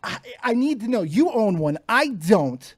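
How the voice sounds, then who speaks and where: A man's voice: high voice, a little slow. A middle-aged man co-hosting a casual podcast, swearing freely and laughing often. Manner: profane, laughs often, excitable. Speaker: podcast co-host.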